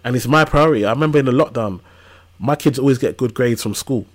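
A man in his thirties, talking as a podcast guest. He speaks in an animated, storytelling way, full of casual slang and everyday asides, at a mid pitch for a man. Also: fast talker. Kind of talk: casual conversational interview.

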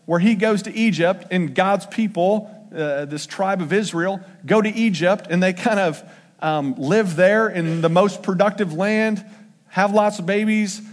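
A man's voice: high-pitched, measured pace. A man preaching a casual sermon, talking conversationally and acting out the quotes in changing voices. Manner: conversational, acts out quotes with shifting voice. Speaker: pastor. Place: church sanctuary. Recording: long hall reverb.

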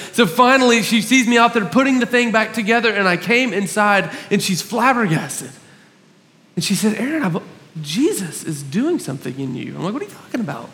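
A man's voice: high voice, creaky, a bit bright. A male pastor giving an earnest sermon, telling stories about himself with self-mocking humor. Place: church hall. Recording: long hall reverb.

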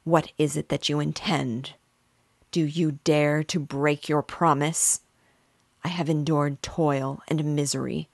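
Woman voicing a wretched male creature, vengeful, slow and threatening, low voice, dry close recording. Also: little pitch movement, creaky, no echo, heavily acted. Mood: pleading, bitter.

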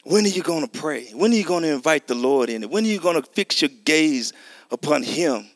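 A man's voice: on the high side, animated, brisk, dry recording, clean studio sound. A middle-aged man preaching a testimony sermon, telling a story animatedly and acting out the dialogue. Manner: conversational, addresses listeners as y'all.

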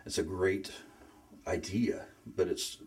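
A man telling his faith story in a casual conversation, earnest and emotional, often pausing to search for words. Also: low-pitched, fairly even intonation, darkish tone. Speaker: guest sharing faith story.

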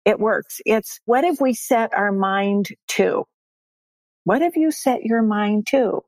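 A woman's voice: mid-range voice, slow, no room sound. A woman in her sixties, a success coach and podcast guest, talking upbeat and emphatic, often repeating her key phrases. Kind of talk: podcast interview.

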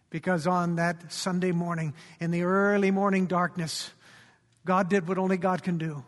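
A man's voice: sits high, little pitch movement, normal speed. A male pastor preaching a sermon with dramatic storytelling and rhetorical questions. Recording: long hall reverb.

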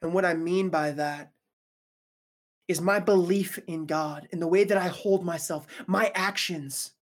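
A woman's voice: on the low side, steady tone, a little slow. A woman preaching a casual sermon, talking conversationally with joking, slangy asides.

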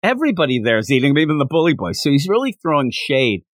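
A man's voice: fairly high pitch, racing, no room sound. A man hosting a podcast, chatting casually and acting out lines as he retells a comic chapter. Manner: animated storyteller, acts out quotes. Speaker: podcast host. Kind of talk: casual chat recapping a manga chapter.

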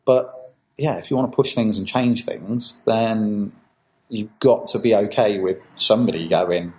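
A man's voice: fairly low pitch, unhurried, rough recording. A man, a podcast guest talking casually and acting out quoted reactions in playful voices. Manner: animated, acts out quoted reactions with jokey voices. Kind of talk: casual conversational interview.

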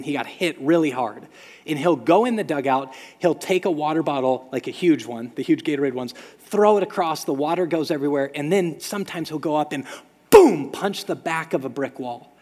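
Animated male preacher in a reverberant hall. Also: on the high side. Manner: animated storytelling with shouted sound effects. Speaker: pastor. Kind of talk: sermon.

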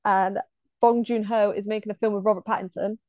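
A woman's voice: medium pitch, little pitch movement, brisk, warm tone, dry recording, highs cut off. A woman co-hosting a podcast in casual chat, talking with gushing enthusiasm and laughing often. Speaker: podcast co-host.

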